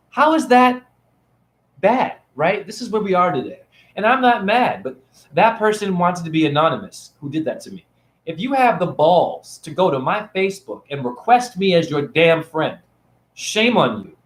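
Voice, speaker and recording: Man, ranting vlogger, rambling monologue, fairly high voice, swooping pitch. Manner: animated, ranting, swings from loud to hushed. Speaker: vlogger and spiritual teacher.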